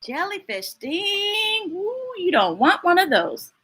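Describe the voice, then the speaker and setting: Storytime reader, woman, high voice with big swoops, unhurried pacing. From United States. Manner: animated, laughing often, chatty asides to young listeners. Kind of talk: reading picture books aloud to children.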